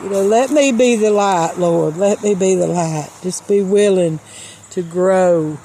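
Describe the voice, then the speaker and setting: A woman's voice: mid-range voice, measured pace, dark tone, a little hiss or hum. A middle-aged woman sharing a personal testimony and Christian encouragement, earnest and storytelling, repeating phrases for emphasis. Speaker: Christian vlogger.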